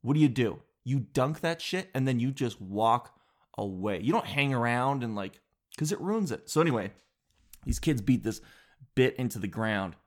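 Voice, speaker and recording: A man's voice: medium pitch, moderate pace. A man hosting a show, telling a rambling comic story in casual chat, full of fillers and restarts. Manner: rambling, animated, with filler words and self-interruptions.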